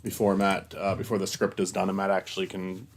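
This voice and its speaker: A young man and voice actor gives casual commentary while editing his takes, swearing often and breaking into frustrated, loud ranting. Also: sits low, completely flat delivery, a little fast. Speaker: voice actor and creator.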